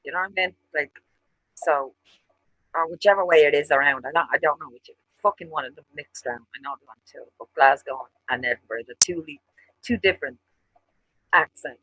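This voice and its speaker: A woman's voice: sits low, fairly quick, fairly bright tone, no room sound, lo-fi sound. A woman from Ireland with a Dublin Irish accent, co-hosting a casual chat, swearing often and telling stories with animation. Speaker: co-host.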